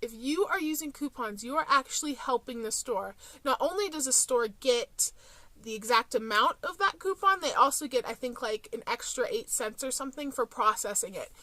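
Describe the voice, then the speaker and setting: A woman's voice: fairly high pitch, animated, moderate pace, bright, forceful tone. A young woman vlogging about couponing, telling a story in a chatty, casual way with frequent fillers.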